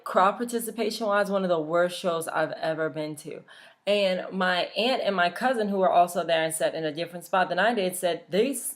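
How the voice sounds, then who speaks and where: A young woman from Louisiana, chatting casually and bluntly, swearing freely as a vlogger. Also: lowish voice. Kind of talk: casual chat.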